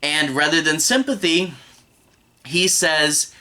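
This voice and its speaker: Bright-voiced young man rambling casually. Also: a little high, a little slow. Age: young adult. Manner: rambling, conversational, with frequent restarts. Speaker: TV episode reviewer. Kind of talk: casual spoken review.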